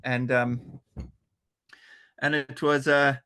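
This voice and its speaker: Earnest man from South Africa, mid-pitched. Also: flat delivery, drawn-out words, bright, forceful tone. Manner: earnest, restless, full of restarts and repeated words. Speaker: podcast guest. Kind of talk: conversational storytelling.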